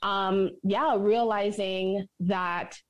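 Animated woman telling stories. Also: medium pitch, very slow. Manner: animated storyteller, laughs often. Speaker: purpose coach and minister. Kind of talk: podcast interview conversation.

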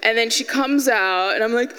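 A woman's voice: fairly high pitch, moderate pace, long reverb tail, low-quality recording. A young woman giving a talk to an audience as an artist, telling a personal story and acting out the voices in it. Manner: animated, acts out voices in her story, laughs at herself.

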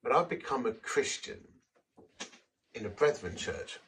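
A man's voice: mid-range voice, lively intonation, unhurried, fairly bright tone, recorded from a distance, slight background noise, low-quality recording. A man preaching a sermon, telling a personal story in a conversational, self-deprecating way.

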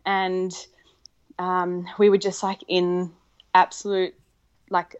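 A woman guest telling a personal story in conversation, animated and excited, acting out what people said. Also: lowish voice, slow pace, smooth. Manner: animated, excited, acts out quoted dialogue. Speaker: podcast guest. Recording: slightly muffled lo-fi recording.

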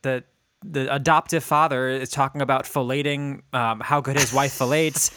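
A man's voice: medium pitch, steady tone, moderate pace, bright, forceful tone, no room sound. A man co-hosting a podcast, making dry, teasing jokes in casual chat. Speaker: podcast co-host.

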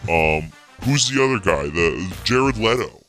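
Bright-voiced man ranting bluntly. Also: low-pitched, lively intonation, measured pace, soft background music. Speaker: podcast co-host. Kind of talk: casual podcast chat.

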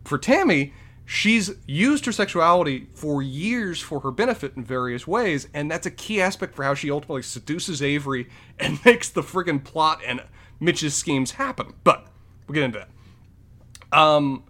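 A man's voice: fairly high pitch, animated, normal speed, sharp tone. A man co-hosting a casual film review podcast, talking in long, detailed run-on points. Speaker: podcast co-host.

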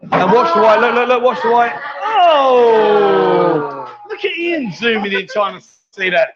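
A man with a very high voice and big pitch swings talks briskly while hosting a casual livestream from a busy bar with a pool table. He's chatty and teasing, calling everyone darling, and background noise and bar crowd chatter come through the dull lo-fi audio.

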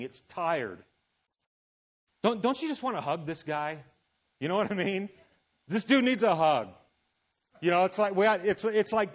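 A man preaching a sermon, reading scripture and making casual, animated asides to his listeners. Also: high-pitched, unhurried, muffled recording. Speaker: pastor.

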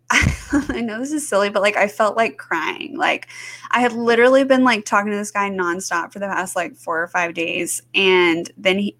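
Speaking at an ordinary pace in a mid-range, fairly bright voice, this woman co-hosts a podcast. The talk is loose and casual, with plenty of fillers and false starts.

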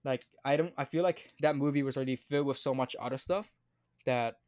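A young man with an Australian accent co-hosts a casual podcast. He talks in a relaxed way, stopping and restarting his sentences often. His voice sits at an ordinary middle pitch. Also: fairly quick. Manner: hesitant, many fillers and restarts. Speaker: podcast co-host. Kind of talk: casual chat.

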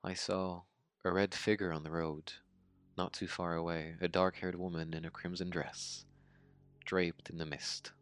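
Man playing a shaken young survivor, very deep voice, halting, stammering, audio drama monologue. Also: flat delivery, clean tone, no echo. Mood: grim. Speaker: survivor recounting his story.

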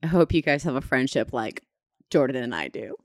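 A young woman, co-hosting a podcast and telling a story in an animated, laughing way. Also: very deep voice, fairly quick, dry recording, studio quality. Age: 20s. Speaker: podcast co-host. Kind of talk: casual chat.

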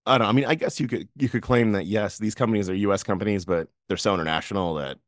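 Low-voiced man in dry casual chat. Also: fast, no echo. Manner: laughs often, rambling with restarts. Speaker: podcast co-host.

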